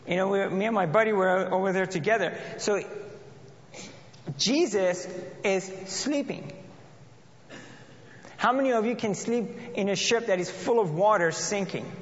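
A man preaches a sermon in a church and reads scripture aloud, earnestly repeating and restarting phrases as he goes. His voice is high, his pace fairly quick, with hardly any pauses. The lo-fi audio sounds dull and echoes in a reverberant hall.

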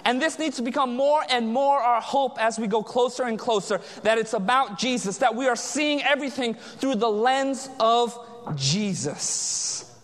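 Male preacher, very high voice, call-and-response delivery, long church reverb. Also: unhurried, a bit bright. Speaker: pastor. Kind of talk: sermon. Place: large church sanctuary.

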